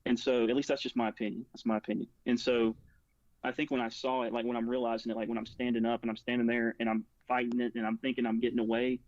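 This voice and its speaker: Telling a personal experience as a guest, this man talks fast with a medium-pitched, darkish voice that barely moves in pitch. He rambles casually, restarting often and saying "like" a lot, in lo-fi sound with no room sound.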